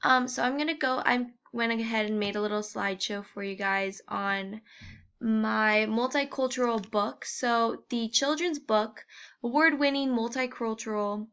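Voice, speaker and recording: A woman's voice: on the high side, measured pace, fairly bright tone, clear, resonant tone. A young woman giving a casual class presentation, informal, with many fillers and restarts. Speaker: education student presenting. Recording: dull lo-fi home recording.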